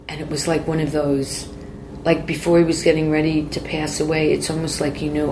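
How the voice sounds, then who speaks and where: A woman in her forties with a lowish voice tells her story bluntly, swearing freely and breaking off mid-sentence. The room is roomy and echoey, with a faint hum of ambience behind her. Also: level tone, a little fast. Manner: raw, profane, self-interrupting. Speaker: guest. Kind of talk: candid personal storytelling.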